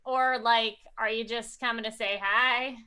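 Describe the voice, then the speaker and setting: A woman's voice: on the high side, fairly even intonation, measured pace, bright, forceful tone, smooth. A woman playing a tabletop game, speaking hesitantly with lots of fillers. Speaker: player. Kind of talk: casual game chat.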